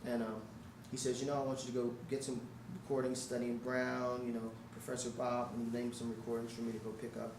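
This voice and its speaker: A man's voice: mid-range voice, brisk, few pauses. A man, a guest musician, telling stories at a live audience Q&A in a music shop, scatting melodies and acting out what people said. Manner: animated storyteller who scats melodies and acts out quotes. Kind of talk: storytelling at a live Q&A. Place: indoor music shop event space. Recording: roomy, distant, noisy live room.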